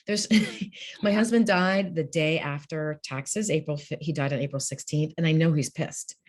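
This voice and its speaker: A woman with a husky, somewhat low voice talks openly as a podcast guest. She laughs easily and slips into playful acted-out quotes of other people. Her delivery stays frank and conversational. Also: moderate pace. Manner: candid, laughs often, acts out quoted speech. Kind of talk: conversational interview.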